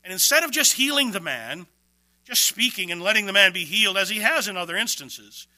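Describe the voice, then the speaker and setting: Guy preaching a bible sermon, really bright cutting voice, dry close sound, punchy and emphatic. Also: high-pitched, lively intonation, dry recording. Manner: emphatic, shifts between quick bursts and slow stresses. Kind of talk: expository sermon.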